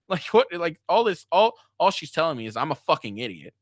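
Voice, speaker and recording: A man's voice: on the high side, expressive, a little fast, fairly bright tone, no echo, clean studio sound. A man giving crude, mocking reaction commentary, swearing and laughing as he talks. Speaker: commentary streamer.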